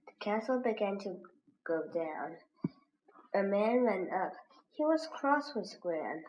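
Slow, careful woman reading aloud. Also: medium pitch, expressive, darkish tone. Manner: slow, careful, clearly pronounced. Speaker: reading teacher. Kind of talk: slow read-aloud of a children's reader. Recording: dull lo-fi recording with faint hiss.

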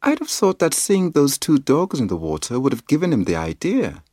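A man's voice: medium pitch, wildly swooping pitch, normal speed, darkish tone, no echo, clean studio sound, voice pushed up. A man reading a storybook aloud, voicing a sensible, upbeat young boy in a lightly raised voice.

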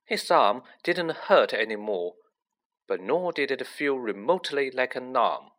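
Male storybook narrator, slow and unhurried, lively pitch, bright tone. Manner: slow, lively, expressive reading. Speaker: audiobook reader.

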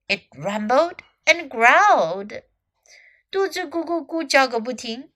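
A woman English teacher reading a storybook aloud in two languages, expressive and deliberate. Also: high-pitched.

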